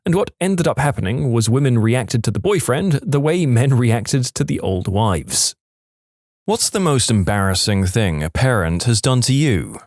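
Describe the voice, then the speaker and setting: A man's voice: medium pitch, dry recording, studio quality. A man narrating reader-submitted stories in a wry, scripted storytelling delivery.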